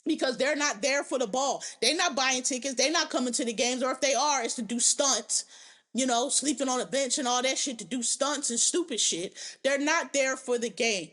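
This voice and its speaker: A woman hosting a podcast, giving animated, profane, opinionated commentary in casual chat. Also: high-pitched, moderate pace. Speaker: podcast host.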